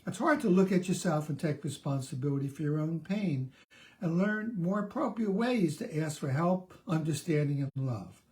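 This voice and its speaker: A middle-aged male therapist talks through a self-help topic on his own, in a loose conversational way. He often stops short and repeats words before going on. His voice sits a little high for a man. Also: lively intonation, normal speed, darkish tone. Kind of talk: solo self-help talk.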